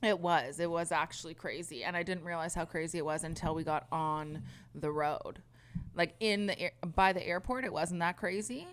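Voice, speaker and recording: A woman's voice: on the low side, normal speed. A woman co-hosting a casual podcast with her husband, chatting playfully and giggling often. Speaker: podcast co-host. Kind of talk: casual chat.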